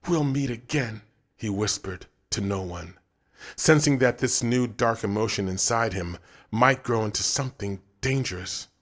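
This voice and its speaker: A man narrating an audiobook in a measured, subdued way. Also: fairly low pitch, fairly bright tone. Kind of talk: scripted narration.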